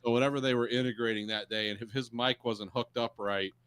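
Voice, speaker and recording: A man co-hosting a casual movie podcast, dropping deadpan joking asides. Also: medium pitch, brisk, clear, resonant tone, no echo. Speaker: podcast co-host. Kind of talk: casual movie discussion chat.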